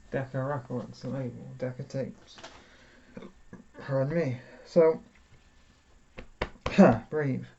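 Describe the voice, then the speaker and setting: Brief: male vlogger, slow easygoing delivery, self-deprecating asides; slightly muffled audio with faint hiss. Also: mid-range voice. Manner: chatty, self-deprecating, thinks aloud. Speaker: vinyl record reviewer. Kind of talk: casual unboxing chat.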